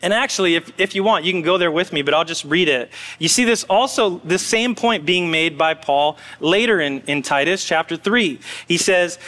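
A male pastor preaches in a relaxed, story-telling way, tossing asides to the congregation. His high voice rings out through a long church reverb. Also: moderate pace, few pauses. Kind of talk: sermon. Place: church sanctuary.

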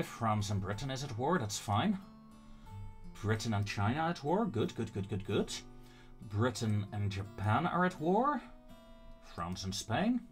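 Guy chatting over his game, slow and lively, lots of little laughs, soft music behind. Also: mid-range voice. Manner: animated, laughs often, thinks aloud with fillers. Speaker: gameplay commentator. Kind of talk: casual gameplay commentary.

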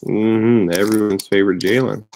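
A man hosting a sports card break, calmly reading out player names as he opens packs. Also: fairly low pitch, background noise. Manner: unhurried, reads out player names with bursts of excitement. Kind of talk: casual card-opening commentary.

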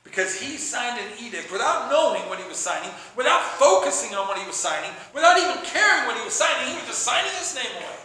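A man preaching a sermon, retelling a scripture story with animated storytelling and acting out the characters' lines. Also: very high-pitched. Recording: echoey room with faint background noise.

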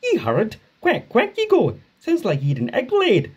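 Picture a sleepy, teasing tank engine with a thick Scottish brogue, as a man puts him on. The voice sits well above the performer's own, swinging wide between low mutters and high jabs, with a husky edge. It's storybook voicing for a children's railway tale. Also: huge pitch swings, unhurried, lo-fi sound, exaggerated voice.

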